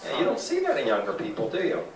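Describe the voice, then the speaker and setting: A man giving an animated sales presentation to a live audience, asking the room questions. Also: medium pitch, fast talker. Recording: echoey room from a distance.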